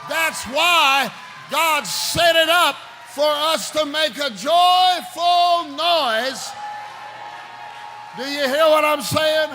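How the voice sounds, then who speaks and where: A man preaching a live sermon, fervent and often breaking into shouts as he speaks straight to the crowd, in a large worship hall. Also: very high voice, drawn-out words. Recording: long reverb in a big hall, faint ambience.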